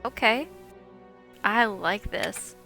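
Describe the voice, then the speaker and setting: A woman, a player in a tabletop game, thinking aloud in a drawn-out, musing way. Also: mid-range voice, creaky, music in the background, poor audio. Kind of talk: casual tabletop game chat.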